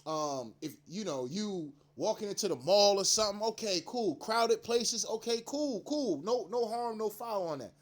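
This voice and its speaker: A man's voice: high voice, lively intonation, moderate pace, few pauses. A man ranting casually to his viewers, slangy and emphatic, rambling with frequent restarts and asides. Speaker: commentary channel host. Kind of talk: casual profane rant to camera.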